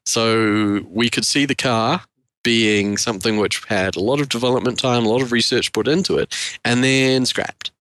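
A man's voice: mid-range voice, normal speed, fairly bright tone, dry recording. A man co-hosting a casual tech podcast, joking wryly and laughing often. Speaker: podcast co-host.

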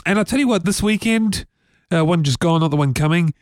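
A man's voice: fairly high pitch, fairly quick. A man from New Zealand co-hosting a casual tech podcast, chatty and rambling with many fillers. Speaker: podcast co-host.

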